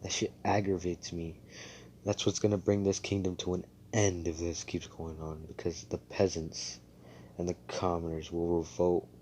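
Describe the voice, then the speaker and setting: A man's voice: low voice, flat delivery, normal speed, mellow, slight background noise, natural voice. A man voicing a hotheaded young male hero who talks bluntly and swears a lot. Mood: earnest. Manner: profane, blunt.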